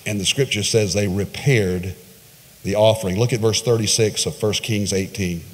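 A male pastor preaching a sermon, retelling a story with dramatic pitch swings and voiced quotes. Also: fairly even intonation, moderate pace. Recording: long reverb of a large hall.

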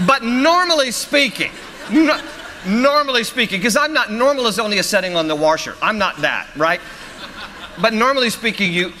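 A man's voice: on the high side, bright, forceful tone. A man preaching a sermon as pastor, mixing scripture teaching with humorous personal stories and laughter. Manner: storytelling, self-deprecating humor with laughs. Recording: reverberant hall.

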